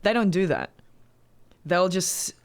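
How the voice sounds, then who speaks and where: A woman's voice: lowish voice, takes it slowly. A woman guest on a podcast, chatting frankly and casually about her experiences. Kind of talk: casual conversational chat. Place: podcast studio.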